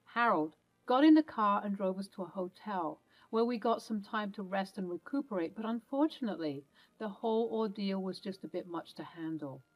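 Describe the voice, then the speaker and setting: A woman's voice: medium pitch, lively intonation, moderate pace, low-quality recording. A woman telling a dramatic first-person story in an earnest narrating voice.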